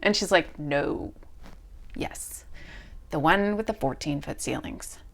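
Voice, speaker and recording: A middle-aged woman hosting a podcast, telling a story in an animated way and acting out both sides of a conversation. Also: deep voice, slow pace, vocal fry. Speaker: podcast host. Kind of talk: storytelling monologue.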